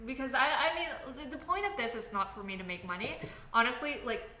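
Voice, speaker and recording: A woman's voice: fairly high pitch, lively intonation, brisk, pushed and bright. A Canadian woman hosting a casual livestream. She reads chat comments and rambles with lots of fillers and self-corrections. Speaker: livestream host reading chat. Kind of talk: casual live chat while building. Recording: echoey room with faint background noise.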